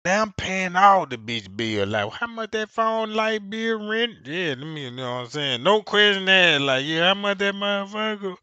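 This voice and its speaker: Male comic storyteller, bright and animated, profane, swings from hushed to shouting. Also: high voice, moderate pace, few pauses, clean tone, no room sound, muffled recording.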